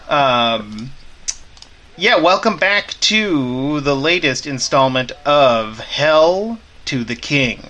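A man hosting a podcast, chatting in a relaxed, jokey way and stretching out his introductions. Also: fairly high pitch, drawn-out words. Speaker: podcast host. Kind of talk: casual podcast chat.

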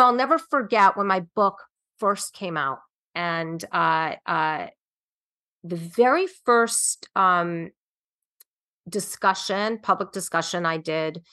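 A woman's voice: mid-range voice, fairly bright tone. A woman nutritionist speaking earnestly as a podcast guest, emphatic and dotted with "um" fillers. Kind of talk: podcast interview.

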